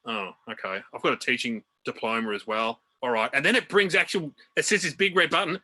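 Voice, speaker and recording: Performing stand-up over a video call from a room in his home, an Australian man keeps things chatty and self-deprecating. His voice sits at medium pitch with a sharp edge, and he tosses quick asides to his audience.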